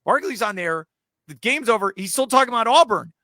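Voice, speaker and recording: A man hosting a sports talk show, ranting excitedly and correcting himself as he goes. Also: high-pitched, fairly quick, no echo. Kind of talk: casual sports chat.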